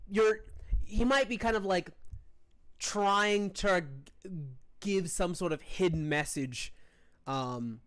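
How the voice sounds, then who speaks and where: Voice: medium pitch, takes it slowly, a bit bright, clean tone. A game master narrating a tabletop game in a rambling way with many fillers.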